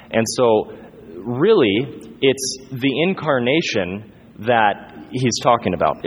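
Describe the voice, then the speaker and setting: A man preaching a sermon in an earnest way, repeating phrases for emphasis and often restarting his sentences. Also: mid-range voice. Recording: long hall reverb, faint room noise.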